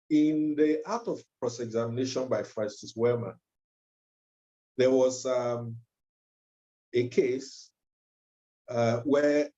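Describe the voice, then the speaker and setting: A man delivers a training lecture at an unhurried, deliberate pace and fills his pauses with ums. His voice is dark and mellow. The recording sounds dull and lo-fi. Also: medium pitch. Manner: measured, with frequent ums and uhs. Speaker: legal trainer.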